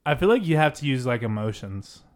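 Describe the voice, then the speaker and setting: A man's voice: mid-range voice, very animated, fairly quick. A young man in a casual podcast chat, rambling and thinking aloud as he talks. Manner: rambling, thinks aloud, strings thoughts together.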